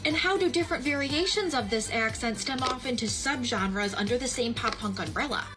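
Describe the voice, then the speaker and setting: A woman's voice: a little high, a little fast. A woman linguist explaining a research idea in a short social media monologue. She sounds earnest, analytical and articulate. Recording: voice over background music.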